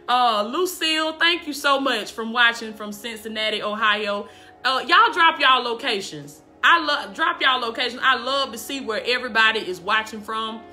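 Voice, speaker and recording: A woman preaching on a live stream from her kitchen, her voice high and ringing. She speaks with fervor, circling back to the same calls of praise and checking in with her listeners. Soft music plays behind her. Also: normal speed. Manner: fervent, repeats praise calls and "do you understand me"; laughs often while preaching. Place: home kitchen.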